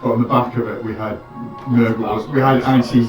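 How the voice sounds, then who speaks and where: A man's voice: medium pitch, level tone, fairly quick, a little mellow. Guy chatting at a game night, far off mic, music in the back. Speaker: player. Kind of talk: casual tabletop game chat. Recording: roomy, from afar, music behind.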